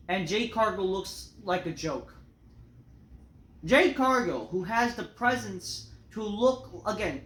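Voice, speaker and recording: A woman ranting through a wrestling show review, exasperated and full of swearing. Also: mid-range voice. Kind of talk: solo review rant. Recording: roomy echo.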